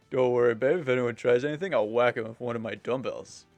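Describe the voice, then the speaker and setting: A man's voice: medium pitch, fairly quick, darkish tone, dry recording, dull audio, lightly acted. A man voicing a brash, flirty woman who lifts weights and talks in a cocky, teasing way, over faint game music.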